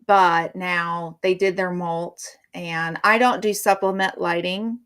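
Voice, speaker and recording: Middle-aged woman, live-stream host, slightly low voice, rambly and chatty delivery. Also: steady tone, takes it slowly, fairly bright tone. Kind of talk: casual live-stream chat.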